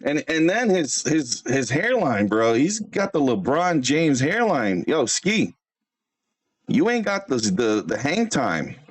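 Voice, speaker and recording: A man hosting a livestream, roasting other streamers in brash, swearing, fast bursts. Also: medium pitch, sing-song, breathy edge. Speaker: livestream host.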